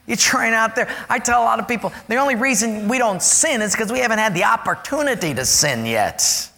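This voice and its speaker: Man preaching, high gravelly voice, bright tone, echoing sanctuary. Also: brisk. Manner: animated, acts out voices and stories. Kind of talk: sermon.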